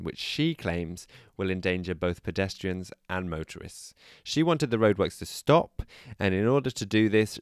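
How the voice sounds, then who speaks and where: A male podcast co-host with a lowish, smooth voice tells a quirky news story in a chatty, self-deprecating way. The sound is close and dry, with no room around him. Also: dry recording. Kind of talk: casual chat and storytelling.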